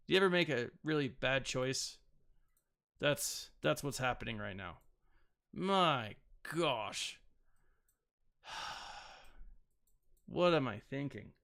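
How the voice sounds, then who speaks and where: Gravelly, slow-talking man narrating gameplay. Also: mid-range voice, sharp tone. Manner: rambling, self-mocking, with playful sound effects. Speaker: gaming channel host. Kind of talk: casual gameplay commentary.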